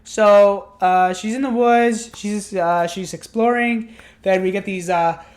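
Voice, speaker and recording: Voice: medium pitch, slow. A worn-out reviewer rambling through a casual spoken review late at night. The talk keeps restarting and breaking into exasperated asides. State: tired and yawning. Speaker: show reviewer.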